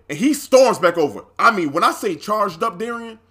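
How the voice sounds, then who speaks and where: Podcast co-host, male, animated storyteller with a bright, high and very expressive voice, quick to laugh and swear. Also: slightly rough, faint music behind. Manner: animated, acts out the other people's lines, laughs often, swears freely. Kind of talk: casual storytelling chat.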